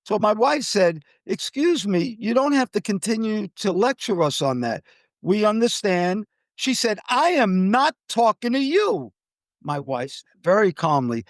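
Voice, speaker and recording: High-voiced older man telling a story. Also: dry recording, studio quality. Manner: animated, acts out quoted people with jumps in pitch. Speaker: co-host telling a travel story. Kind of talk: casual storytelling chat.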